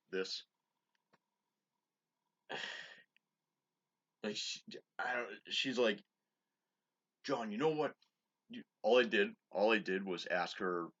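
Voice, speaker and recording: A man's voice: low voice, fairly bright tone, dull audio. A man in his thirties rambling in a casual vlog about his day, swearing a lot and restarting his sentences often. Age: 30s. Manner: profane, halting, with many restarts and fillers. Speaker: vlogger. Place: his own bedroom.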